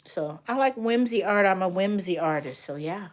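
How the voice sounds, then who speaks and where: Her pitch is medium and her speed normal as this older woman, a grandmother and art instructor, talks casually on a livestream. She speaks to viewers by name and retells stories with energy.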